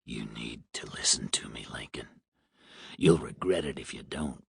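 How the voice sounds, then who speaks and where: A man voicing a hoarse, heavy-smoking stranger who threatens in a low, slow whisper. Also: animated, a bit bright, dry recording, studio quality, heavily acted. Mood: menacing. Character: hoarse menacing man on phone, smoker.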